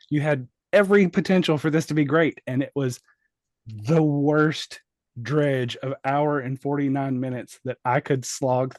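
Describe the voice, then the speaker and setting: Man, podcast co-host, exasperated rant, profane, slightly high voice, dry close recording. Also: darkish tone, dry recording. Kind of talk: casual film review chat.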